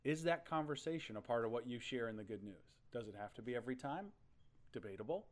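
A male pastor from Oklahoma, animated as he tells a story in his sermon and laughing now and then. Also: mid-range voice, fast talker.

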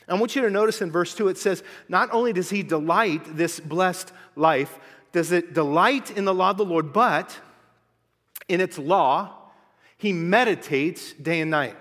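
An animated preacher in his forties, a man with a high, bright voice that rings through a long-reverb church hall. He tells stories and acts out quotes with lively energy. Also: unhurried. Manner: animated storytelling with acted-out quotes. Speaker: pastor. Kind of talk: sermon.

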